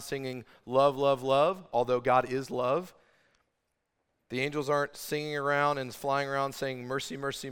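Preacher man in a reverberant hall. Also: clear, resonant tone. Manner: emphatic, builds to loud peaks then drops low. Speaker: pastor. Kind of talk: sermon.

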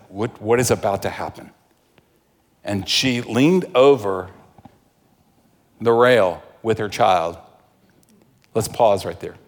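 Man preaching in an echoing hall. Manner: swings from fervent highs to hushed, intimate pleas. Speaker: pastor. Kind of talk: sermon. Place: church sanctuary. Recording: long reverb of a large hall.

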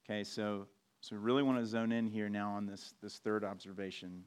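A man's voice: on the low side, little pitch movement, brisk, clear, resonant tone. Man preaching in a chatty style. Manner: conversational preaching with restarts and asides. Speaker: pastor. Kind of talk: sermon.

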